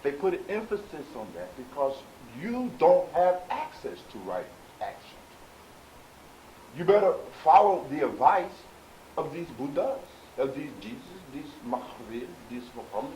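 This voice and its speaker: A man gives a preaching lecture to a live audience, talking to his listeners directly. He drops into low asides, then rises to loud, emphatic exhortation. The sound is roomy and echoey, with a faint hiss under the voice. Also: sing-song, normal speed, few pauses. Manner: conversational, addresses listeners directly. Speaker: spiritual teacher. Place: meeting room with live audience.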